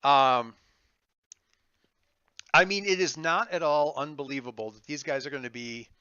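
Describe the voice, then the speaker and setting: A man's voice: a little high, normal speed, bright, forceful tone, clean tone, no echo, muffled recording. A man running a tabletop role-playing game as game master, thinking aloud in a rambling, playful way with lots of fillers. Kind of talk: running a tabletop game over an online call.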